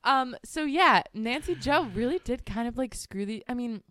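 A young woman co-hosting a podcast, chatting excitedly with lots of filler words. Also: fairly high pitch, normal speed, dry recording, clean studio sound. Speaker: podcast co-host. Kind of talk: casual chat.

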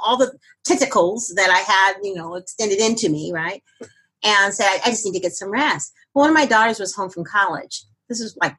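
A husky, slightly breathy older woman recounts her own story as an interview guest. She rambles, restarts and fills pauses with ums and "you know". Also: medium pitch, bright, forceful tone, low-quality recording. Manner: rambling, with many fillers and restarts. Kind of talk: personal storytelling.

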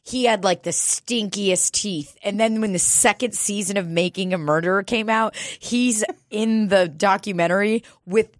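A woman's voice: mid-range voice, normal speed, hardly any pauses, dry recording, clean studio sound. A woman co-hosting a comedy podcast in loose, laughing chat, swearing freely. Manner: swears a lot, laughs easily. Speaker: podcast co-host.

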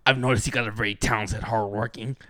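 A performer voicing a shifty, gruff middle-aged male baseball coach in a low, pushy drawl. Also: steady tone, fast talker, a bit bright, natural voice. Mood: gruff defensive.

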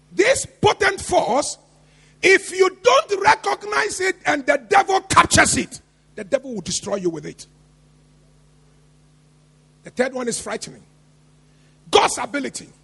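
Fiery preacher, high gravelly voice. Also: male voice, long reverb tail. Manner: fervent preaching, often shouting, sing-song cadence. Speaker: pastor. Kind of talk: sermon.

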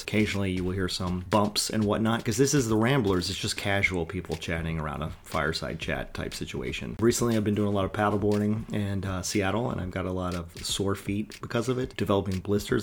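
A man's voice: sits low, slight background noise. A man hosting a casual podcast chat with friends at home, joking and rambling. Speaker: podcast host.

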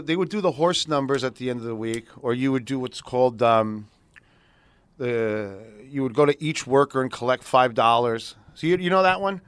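A podcast co-host in middle age trades profane, street-smart tales during a casual conversation, doing voices for the characters he describes. He has a medium-pitched, slightly bright voice with a clean tone and no echo.

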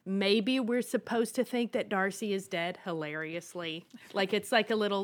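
A woman's voice: medium pitch, normal speed. Chatty woman podcast co-host. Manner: chatty, laughs often, blunt and profane. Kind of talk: casual chat recapping a period drama.

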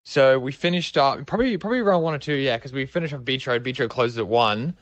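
A man's voice: mid-range voice, fast, no room sound. A young man with an Australian accent, telling a rambling, sweary story in a casual way. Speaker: storyteller guest.

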